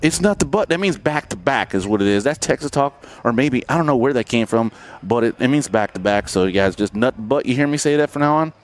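This podcast host talks fast with few pauses, his mid-range voice animated as he broadcasts live and casually from a racetrack grandstand above the pit. He rambles, cracks jokes, and keeps restarting his sentences amid lots of filler words.

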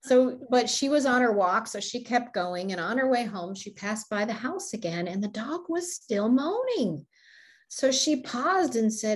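A woman's voice: on the high side, expressive, a little slow. Laughing woman telling a motivational story. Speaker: podcast co-host. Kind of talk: motivational talk.

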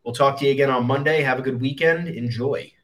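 A man's voice: medium pitch, fairly even intonation, racing, fairly bright tone. A man co-hosting a casual sports podcast who sounds easygoing and mock-annoyed. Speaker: podcast co-host.

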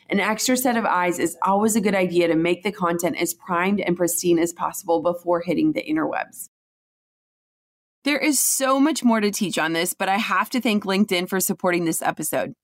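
A woman hosting a podcast, giving chatty, encouraging tips on writing copy. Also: lowish voice. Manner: chatty and encouraging, with fillers like "y'all". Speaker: podcast host. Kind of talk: conversational podcast teaching.

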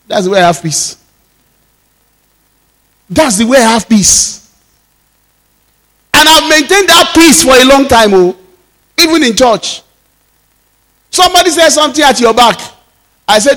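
A male pastor with a notably high-pitched voice delivers an emphatic sermon. He repeats key phrases for weight and acts out back-and-forth exchanges as he preaches. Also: animated, normal speed, long pauses, a bit bright.

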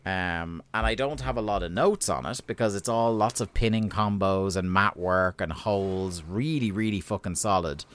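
A man co-hosting a casual podcast recap, sweary and sardonic, getting animated when he rants. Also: low-pitched, moderate pace, few pauses, clean tone. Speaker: podcast co-host.

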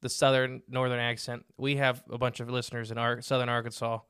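Smooth, upbeat male podcast host. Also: medium pitch, flat delivery, brisk, a bit bright, no echo, studio quality. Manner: enthusiastic, upbeat. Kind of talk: casual interview chat.

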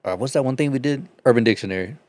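A man's voice: medium pitch, rapid-fire, a little mellow, no room sound. A young man in casual podcast chat, telling profane, rambling stories and laughing through them.

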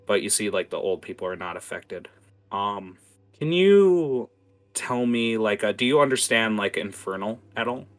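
A man's voice: lowish voice, animated, normal speed. A man narrating a tabletop game as game master, casual and full of fillers and restarts.

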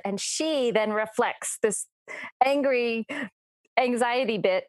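A woman's voice: fairly high pitch, takes it slowly, no echo. Earnest woman coach on a podcast. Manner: earnest, reflective, frequent restarts. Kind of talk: reflective podcast conversation.

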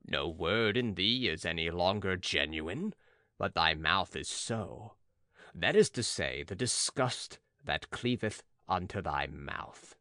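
A stern prophet-sage , read by a man, with a deep, low voice that still rises and falls expressively. He declaims gravely and unhurriedly in archaic phrasing, recorded dry and close. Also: expressive, slow, pushed and bright, dry recording, full character voice. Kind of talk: audiobook dramatic reading.

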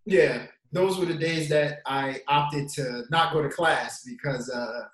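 A man's voice: a little high, measured pace, a bit bright, echoey room, rough recording. A man co-hosting a podcast in casual chat, laid-back and joking about himself, talking over a video call. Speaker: podcast co-host.

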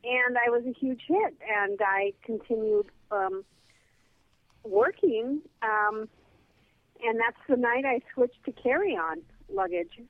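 A woman guest telling a lively comedy anecdote over the phone, full of fillers. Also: on the high side, slow, dry recording. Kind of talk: casual storytelling on a call-in show. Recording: tinny phone line, dry.

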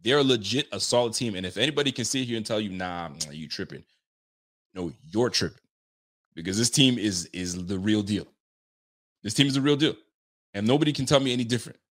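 A guy hosts an easygoing live-stream on football, working through viewer comments with quick slang, swearing and laughing as his excitement builds. He has a mid-range voice.

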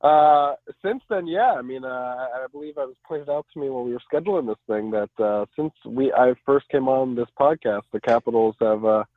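A man's voice: mid-range voice, dry recording. Male guest on a tinny remote line. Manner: measured, many ums. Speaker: podcast guest. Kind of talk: casual sports analysis. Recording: dry, tinny phone-like line.

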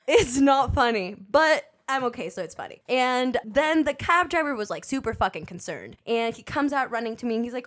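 A woman's voice: fairly high pitch, lively intonation, brisk, hardly any pauses, a bit bright. Laughing young woman telling stories. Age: young adult. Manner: laughs often, loose and profane. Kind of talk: casual storytelling chat.

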